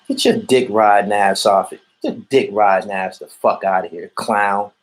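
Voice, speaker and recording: A man's voice: lowish voice, poor audio. A man from Erie, ranting bluntly and profanely in a livestream while reacting to viewer comments. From Erie, Pennsylvania. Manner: blunt, repetitive, profane street talk. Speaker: vlogger reading viewer comments.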